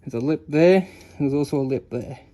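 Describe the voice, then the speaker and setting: A home mechanic talks casually while working on a car part in his workshop, chatty and self-deprecating and out of breath. His voice is a little high, with a dark tone and a brisk pace.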